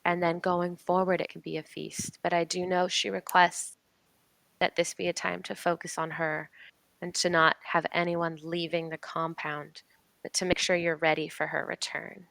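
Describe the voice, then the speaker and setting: A woman's voice: fairly low pitch, little pitch movement, gravelly, fairly bright tone, no echo, poor audio. Woman as a formal priestess's envoy. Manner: measured, formal and persuasive.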